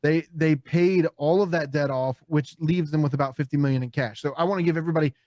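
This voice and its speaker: Lively American man hosting a podcast. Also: a little high, quick pace, no echo. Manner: animated storytelling, acts out voices and laughs often. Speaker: podcast host. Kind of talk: casual podcast chat.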